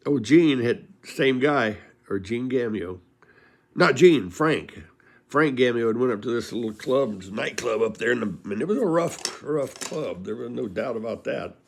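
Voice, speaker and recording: An older man from California tells rambling, folksy stories about his old buddies, chuckling as he goes. His mid-range voice is gravelly and expressive, and he speaks at a normal speed in casual spoken storytelling.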